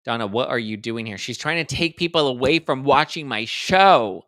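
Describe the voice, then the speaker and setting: A man in his thirties hosting a casual livestream, chatting quickly and reading viewer comments aloud. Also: medium pitch, no room sound, clean studio sound. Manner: chatty, animated, reads live chat aloud. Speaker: host.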